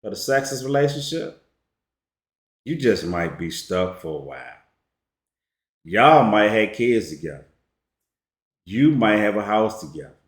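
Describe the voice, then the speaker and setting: A man's voice: on the low side, big pitch swings, measured pace, pauses often. A man giving a casual storytelling monologue as a relationship commentator, slangy and emphatic. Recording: echoey room.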